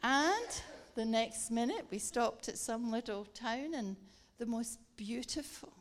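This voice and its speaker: A woman preaching a sermon, telling a lively story and acting it out with laughter. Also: a little high, slow pace. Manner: animated, acts out the story with laughter.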